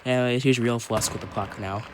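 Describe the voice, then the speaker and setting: A young man doing casual play-by-play commentary for an online hockey league on his phone, rambling and correcting himself, then shouting when someone scores. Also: mid-range voice, fairly quick, background noise. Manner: rambling, self-correcting, bursts into excited shouts on goals.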